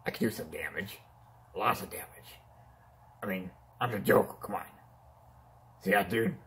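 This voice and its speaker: A man's voice: low voice, normal speed, gravelly, fairly bright tone, a little hiss or hum. A man voicing a boastful, whiny male clown villain in a toy-figure fan play, pleading and taunting by turns and yelping in pain.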